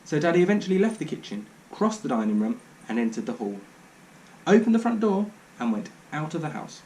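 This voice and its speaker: A man reads a children's storybook aloud, his voice rising and falling in lively swings. He sits a touch above the usual male pitch and narrates in a dry, wry way. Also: brisk, slight background noise, rough recording. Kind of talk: reading a children's book aloud.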